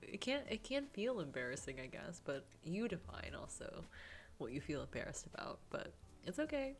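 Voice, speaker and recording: A woman's voice: fairly low pitch, very animated, normal speed, faint music behind. A woman playing a visual novel, reading lines and narration aloud and giggling between them. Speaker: gaming streamer.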